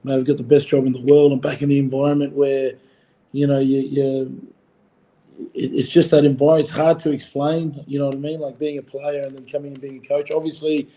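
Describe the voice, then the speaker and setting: A man's voice: mid-range voice, level tone, brisk, warm tone, rough recording. A man in his forties with an Australian accent, a rugby coach chatting casually in an interview, rambling with lots of fillers and restarts. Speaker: rugby coach, former player. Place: Fiji.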